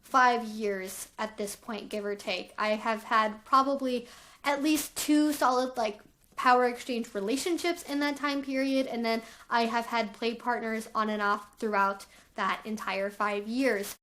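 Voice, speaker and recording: High-voiced woman vlogging frankly. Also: steady tone, unhurried, a bit bright. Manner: chatty, frank, filler-heavy. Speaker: channel host. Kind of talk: candid conversational vlog talk.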